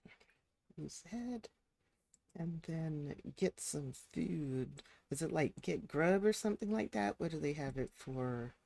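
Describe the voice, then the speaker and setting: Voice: mid-range voice, lively intonation, measured pace, vocal fry, a little mellow, no echo. A game streamer chatting casually through a live stream, talking to the characters on screen as they play. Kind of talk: casual live-stream commentary while playing.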